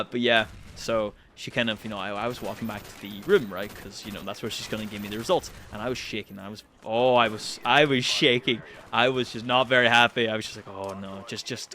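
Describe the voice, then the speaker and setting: Young man, casual vlog storyteller with a bright, forceful voice; animated, swears a lot, spikes high when excited. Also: a little hiss or hum. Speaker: channel host.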